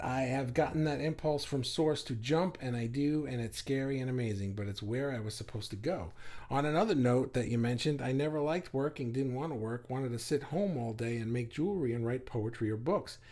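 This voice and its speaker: Chatty New York man reading comments. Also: medium pitch. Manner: chatty, laughs often, stumbles and repeats words. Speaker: livestream host reading viewer comments. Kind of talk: casual live chat.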